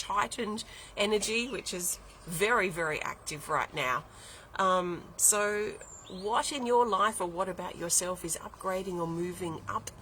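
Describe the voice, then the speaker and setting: A woman's voice: mid-range voice, bright, forceful tone, a little hiss or hum, low-quality recording. A woman giving a weekly spiritual oracle card reading, talking in a flowing way that repeats and lists words as she thinks aloud. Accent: non-American English accent.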